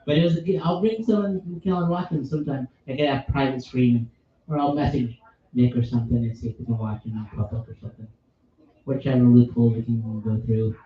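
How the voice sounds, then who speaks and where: A man hosting a casual pub podcast, chatting enthusiastically and rambling about movies with a ready laugh. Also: medium pitch. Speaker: podcast host. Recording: echoey room, distant mic, dull sound.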